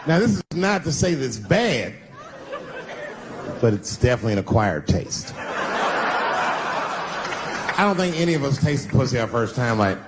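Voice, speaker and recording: A man in his fifties performing a stand-up comedy set on a large theater stage, telling stories at a relaxed pace and leaving room for the crowd's laughter. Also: mid-range voice, normal speed, pauses often, background noise. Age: 50s. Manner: laid-back storytelling with crowd laughter breaks. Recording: reverberant hall with loud crowd.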